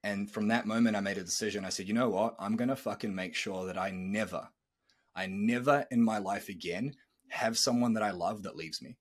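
A man in his thirties hosts a podcast and recounts his own past with candid earnestness. His voice sits on the lower side, with a husky grain, and he drops casual swear words. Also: fairly quick. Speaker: podcast host. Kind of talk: personal storytelling on a podcast.

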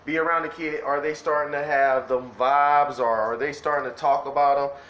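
A man's voice: fairly high pitch, fairly even intonation, normal speed, fairly bright tone, echoey room, muffled recording. A man, chatting casually as a podcast co-host and teasing with lots of questions. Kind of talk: casual chat recapping a soap opera.

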